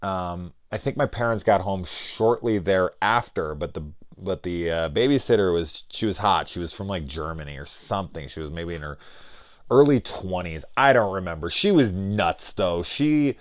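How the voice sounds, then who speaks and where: A man's voice: sits low, expressive, normal speed. A young man reviewing a horror film in casual chat, swearing freely and trailing into restarts as he rambles into a personal story.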